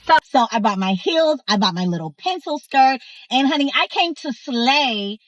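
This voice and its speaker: A young woman telling a personal story in a casual, sassy, animated way, speaking straight to her viewers. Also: sits high, moderate pace, dry recording, poor audio. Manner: animated, sassy, talks to the viewer, acts out others' voices. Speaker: storyteller host.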